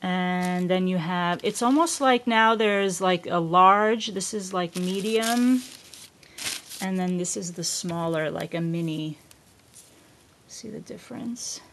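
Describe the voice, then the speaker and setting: A woman talks casually to her camera at home, gushing over things in an effusive way and often letting her sentences trail off. Her pace is slow and unhurried, and a gravelly fry runs through her voice. A faint hiss of noise sits behind her. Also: on the low side. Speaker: craft vlogger unboxing gifts.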